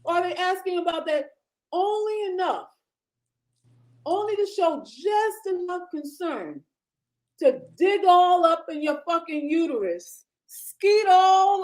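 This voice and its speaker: A woman's voice: extremely high pitch, animated, a little slow, a little mellow, rough recording. A woman delivering an impassioned, profane rant full of rhetorical questions. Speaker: commentator in a played clip.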